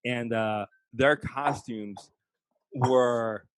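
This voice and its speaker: A man's voice: medium pitch, steady tone, extremely slow, smooth, dry recording. A man in casual chat, telling self-mocking stories and acting out the people he quotes. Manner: self-deprecating storyteller, acts out people he quotes. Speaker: comedian guest telling stories.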